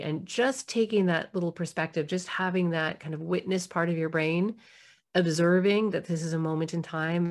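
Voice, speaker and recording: Middle-aged woman, low voice, reflective storyteller voicing her family's lines; parenting talk. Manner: warm, reflective, acts out quoted voices. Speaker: parenting speaker.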